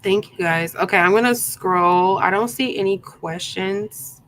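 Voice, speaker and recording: Speaking at a measured pace in a slightly bright, mid-range voice, she runs a live craft tutorial as casual stream chat, welcoming each viewer by name and saying um often. Audio is poor, with some background noise.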